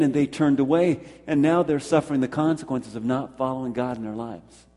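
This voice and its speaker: A man's voice: mid-range voice, dark tone. A pastor preaching a sermon to his congregation, leaning on repeated words for emphasis and putting questions to the listeners. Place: church hall with congregation. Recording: long hall reverb.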